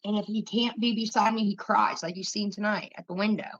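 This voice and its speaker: A woman's voice: mid-range voice, steady tone, a little fast. Profane, rambling woman on a lo-fi stream. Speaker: livestream host. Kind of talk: casual chat. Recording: muffled lo-fi stream audio.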